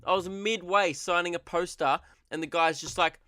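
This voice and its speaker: A man's voice: high voice, fairly even intonation, normal speed, bright, forceful tone, no echo, studio quality. A young man hosting his own comedy podcast, rambling and sarcastic, often laughing at his own jokes.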